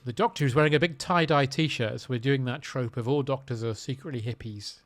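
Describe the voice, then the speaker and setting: A man's voice: mid-range voice, fairly quick. A man hosting a podcast, recapping a film in casual chat with dry, jokey asides. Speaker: podcast host.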